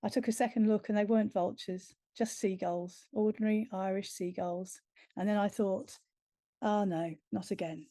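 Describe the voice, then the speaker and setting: Mellow-voiced woman teaching creative writing. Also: medium pitch, steady tone, normal speed, dry recording. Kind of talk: workshop talk.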